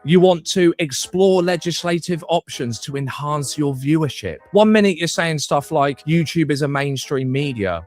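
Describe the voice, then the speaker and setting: A man reads out a blunt, scornful commentary script, dropping in swear words now and then. His voice sits a little high. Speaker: video commentator.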